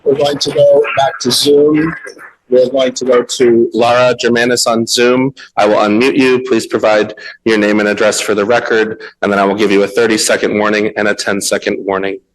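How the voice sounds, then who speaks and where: A man chairing a city council meeting, giving brisk procedural instructions and time warnings. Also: mid-range voice, little pitch movement, low-quality recording.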